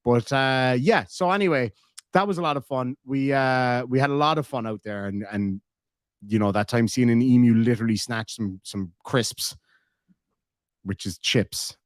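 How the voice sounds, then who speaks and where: A man's voice: medium pitch, moderate pace, no echo, clean studio sound. An Irish man in casual chat, reading out viewer messages and telling rambling stories, swearing freely. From Ireland.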